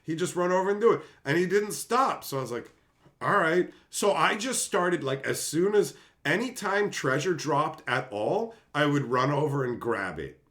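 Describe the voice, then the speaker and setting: A man hosting his own channel, telling a casual, animated gaming story that swears now and then and acts out quotes. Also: a little high, moderate pace. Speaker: channel host.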